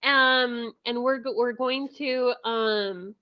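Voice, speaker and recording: A woman's voice: on the high side, fairly even intonation, slow, smooth. A woman playing a tabletop game, talking in a soothing, reassuring way. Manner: soothing, reassuring, laughs easily. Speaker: player. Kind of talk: casual game play. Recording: dull lo-fi recording.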